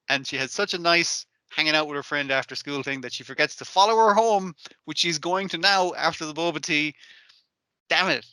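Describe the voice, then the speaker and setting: A man co-hosting an anime podcast, chatting casually with lots of swearing and acting out scenes in quick asides. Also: a little high, no echo. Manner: profane, animated, acts out characters in quick asides. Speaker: podcast co-host. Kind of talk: casual chat recapping an anime.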